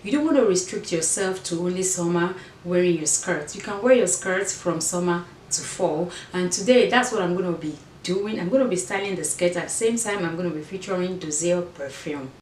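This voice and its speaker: A woman's voice: on the low side, moderate pace, hardly any pauses, darkish tone, slight background noise. A woman with an African accent, chatting casually to camera as a fashion and beauty vlogger, meandering and restarting her sentences. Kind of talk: casual vlog chat to camera. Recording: echoey room, mic at a distance.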